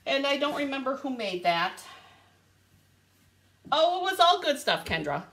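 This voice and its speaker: A bubbly woman chats through a casual live stream, calling out viewers by name. Her voice sits a little high and swings widely up and down, and she talks at an easy, slow pace. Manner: lively rising and falling pitch. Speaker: live stream host showing craft supplies.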